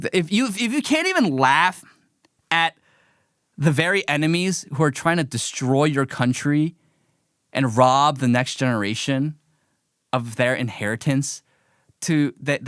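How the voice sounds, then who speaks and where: A man's voice: mid-range voice, animated, moderate pace, fairly bright tone, clean tone, no echo, clean studio sound. A man hosting a live political commentary stream, talking in a heated, emphatic and mocking way.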